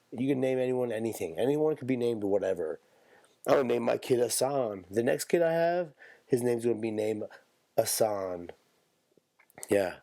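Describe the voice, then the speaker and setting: A man's voice: fairly low pitch, vocal fry, a little mellow, no room sound. A man hosting a podcast, talking in a rambling, profane, off-the-cuff comedic monologue. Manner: rambling, profane, self-interrupting. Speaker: podcast host.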